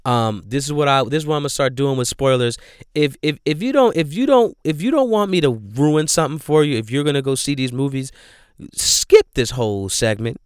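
A man hosting a casual movie review chat, emphatic and profane, breaking into loud outrage. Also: mid-range voice, animated, fairly quick, clear, resonant tone, dry recording, studio quality. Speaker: podcast host reviewing movies.

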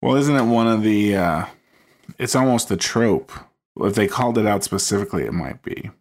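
A man with a very deep voice and plenty of gravelly fry chats casually on a podcast about a movie. He talks haltingly and keeps restarting his thoughts. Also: animated, a little mellow. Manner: hesitant, full of fillers and restarts. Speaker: podcast co-host. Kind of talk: casual film commentary chat.

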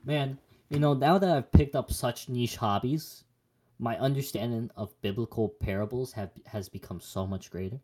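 A man's voice: mid-range voice, normal speed, warm tone. A young man co-hosting a podcast, chatting casually about Bible passages in a rambling, joking way with many restarts. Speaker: podcast co-host.

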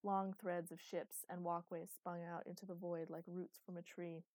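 Woman reading an audiobook, low dark mellow voice, steady, dry close sound. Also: normal speed, dry recording, poor audio. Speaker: audiobook narrator. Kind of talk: scripted narration.

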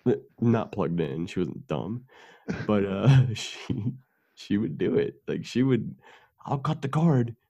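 This is a man with a deep, gravelly voice and a mellow, dark tone. He tells his stories in a casual, rambling way, full of fillers and asides. The recording sounds slightly dull and lo-fi. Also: expressive, slow. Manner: rambling storytelling with laughs and fillers. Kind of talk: casual conversation.

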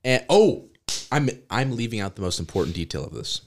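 A man's voice: lowish voice, very animated, fairly quick, a little mellow. A young man hosting a podcast, telling a road trip story in a casual, laughing way. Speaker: podcast host.

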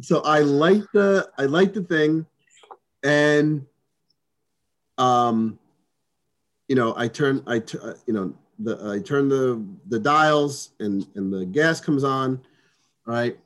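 A man's voice: medium pitch, slow pace, pauses often. A man telling a long story in casual chat, rambling with many restarts, fillers and swear words.

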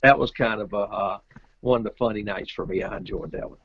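A man's voice: on the low side, a little fast, creaky, highs cut off. A man, a guest telling a rambling, folksy story with loose grammar in casual chat. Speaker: interview guest, pool player.

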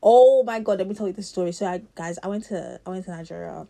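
A young woman with a South London accent talks straight to her viewers, chatty and animated. Her voice sits mid-range for a woman, and she spills out the story with plenty of fillers and laughter along the way. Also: medium pitch, fast talker, creaky. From South London, England. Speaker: vlogger. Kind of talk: casual storytelling to camera.

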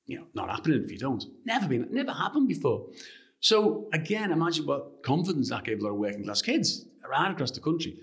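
A man from Liverpool with a Liverpool accent, a guest author telling anecdotes in an interview in an animated way. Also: fairly high pitch, fast talker. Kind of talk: interview storytelling.

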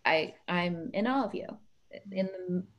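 A woman hosting a casual interview over a video call, emotional and quick to laugh, calling herself a big softie. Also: lowish voice, animated, lo-fi sound. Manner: warm, emotional, laughs often. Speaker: podcast host.

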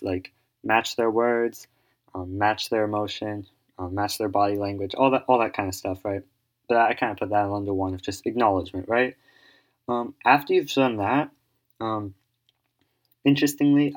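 Rambling man thinking aloud. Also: fairly low pitch. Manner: rambling, many fillers and restarts, thinking aloud. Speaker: solo speaker giving advice. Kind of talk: casual unscripted explanation.

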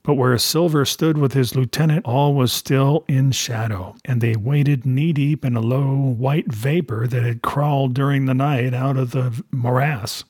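A man reads a novel aloud at a steady, measured pace, his voice mid-pitched and ordinary for a man. The recording is dry and close, with no room around it. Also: husky, no room sound. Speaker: reader.

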